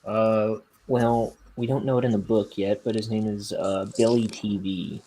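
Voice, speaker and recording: A man's voice: lowish voice, little pitch movement, measured pace, dark tone. A man chatting casually and joking dryly while he draws comics. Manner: dry, joking. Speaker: comic artist co-host. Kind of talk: casual chat.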